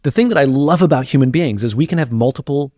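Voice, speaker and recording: A man's voice: medium pitch, quick pace, dark tone, no echo. A man speaks candidly as a guest in a conversational interview, thinking aloud in a reflective, open way. His voice sits in an ordinary middle register, and the recording is dry and close with no room sound.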